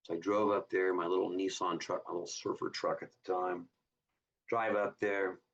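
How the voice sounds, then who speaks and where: A husky, fairly low-voiced man in his fifties tells his stories as a guest and slips into the voices of the people he quotes. He sounds a little distant from the mic, and the recording is dull and lo-fi. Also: moderate pace. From Southern California. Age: 50s. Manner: animated storyteller who acts out quoted dialogue in a raised voice. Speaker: guest, hot rod builder. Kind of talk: casual interview storytelling.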